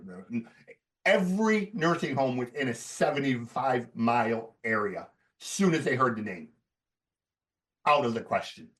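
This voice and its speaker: A man telling stories on a podcast in a casual, profane, animated way. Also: mid-range voice, unhurried, recorded from a distance. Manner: profane, animated storyteller who laughs as he talks.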